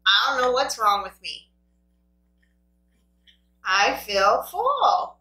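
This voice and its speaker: Lady rambling to her viewers between bites, bright voice, kinda echoey room. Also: fairly high pitch, sing-song, very slow, distant mic. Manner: rambling, self-deprecating, talks to viewers. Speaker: mukbang host. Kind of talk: casual chat while eating.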